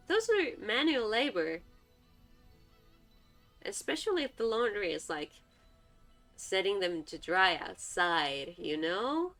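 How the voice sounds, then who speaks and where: A woman's voice: mid-range voice, big pitch swings, takes it slowly, long pauses, fairly bright tone. A woman streamer reading a visual novel aloud, breaking off for chatty, laughing asides. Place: home streaming setup. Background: faint background music.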